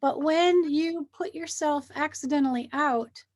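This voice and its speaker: High-voiced earnest middle-aged woman. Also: a little slow. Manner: earnest, animated, acts out feelings while explaining. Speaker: guest, hypnosis practitioner. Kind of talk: casual conversation.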